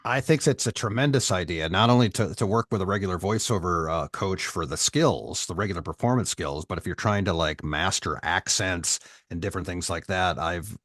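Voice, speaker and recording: A man hosting an online voiceover class, explaining things in a relaxed conversational way. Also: low voice, fairly quick, hardly any pauses, no room sound, studio quality.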